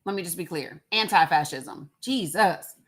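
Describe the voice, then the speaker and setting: This livestream host is a woman with a lowish, slightly bright voice at a moderate pace. Her casual live commentary is emphatic, with words repeated for effect.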